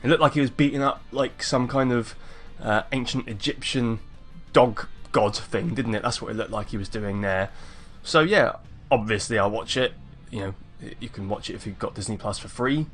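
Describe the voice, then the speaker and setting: A man's voice: medium pitch, moderate pace, fairly bright tone, soft background music. A man from England with an English accent, chatting casually as a video reaction host. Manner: laid-back, chatty, meandering.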